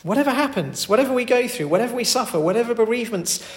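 Earnest preacher in an echoey hall. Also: male voice, very high voice, lively intonation, very fast. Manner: earnest, swings between loud emphatic calls and soft quiet pleading. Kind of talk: sermon. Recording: echoey hall with long reverb.

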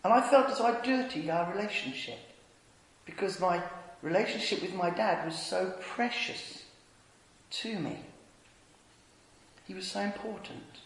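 A preacher with a fairly high voice delivers an earnest sermon, telling stories and sinking to a near-whisper on tender points. His words ring around a large church, with a long reverb trailing each phrase. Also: unhurried, pauses often, a little hiss or hum. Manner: earnest storytelling, dropping to a hush on tender points. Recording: echoey church hall.

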